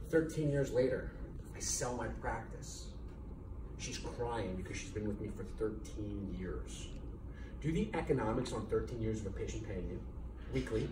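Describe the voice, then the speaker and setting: A man's voice: fairly low pitch, normal speed. A middle-aged man, a chiropractor, giving an emphatic motivational lecture to business students, repeating key words and firing rhetorical questions. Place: lecture hall at a college. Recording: echoey hall from far off, faint noise.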